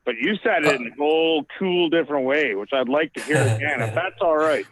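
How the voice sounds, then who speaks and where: A man's voice: a little high, a little fast, crowd noise. A man from Canada calling into a show, rambling and saying "like" a lot. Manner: rambling, says "like" often. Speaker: caller. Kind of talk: casual chat. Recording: dull phone line.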